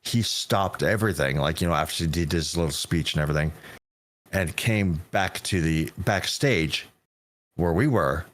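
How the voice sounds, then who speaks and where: Man, very low voice, touring stage tech, casual and foul-mouthed. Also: moderate pace. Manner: swearing, laid-back anecdotes. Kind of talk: casual podcast chat.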